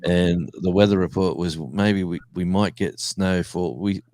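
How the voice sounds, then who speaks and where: Deep-voiced Australian man telling stories. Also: a little slow. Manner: rambling, animated anecdotes with voiced quotes. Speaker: touring musician. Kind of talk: casual storytelling chat.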